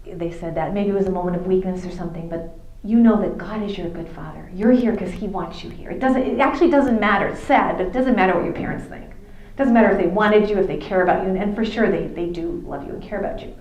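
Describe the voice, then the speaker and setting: A woman's voice: mid-range voice, a little mellow, dull audio. A middle-aged woman, telling a faith story to a youth audience and acting out the dialogue. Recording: echoey room.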